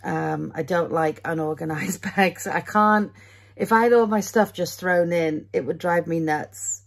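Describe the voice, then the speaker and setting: A British woman chatting away at home in a casual vlog, with a low voice that has a gravelly edge. She rambles from one thing to the next and keeps laughing at herself, with plenty of ums along the way. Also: unhurried. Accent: British English. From Britain. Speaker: vlogger. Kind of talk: casual day-in-the-life vlog.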